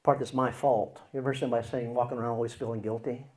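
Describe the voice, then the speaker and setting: A man teaching as a Christian counselor, explaining with acted examples and swinging between loud and hushed delivery. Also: medium pitch, level tone, very fast.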